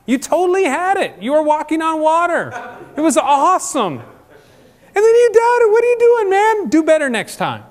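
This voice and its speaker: A man voicing an exuberant male, coach-like Jesus who cheers on a disciple in a loud, excited, backslapping way. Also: very high voice, normal speed, in a large hall, pitched above the performer's own voice.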